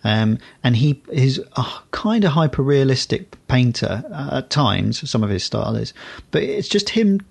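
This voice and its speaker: A man's voice: medium pitch, very animated, moderate pace, creaky, few pauses, darkish tone. A man co-hosting a podcast, chatting casually and rambling, often breaking off to correct himself. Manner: rambling, self-correcting storyteller. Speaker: podcast co-host. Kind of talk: casual chat.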